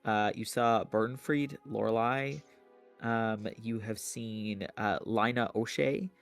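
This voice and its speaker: Guy running a tabletop game, lowish voice, lots of ums, music faint behind. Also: fairly even intonation. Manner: halting, many fillers. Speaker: game master.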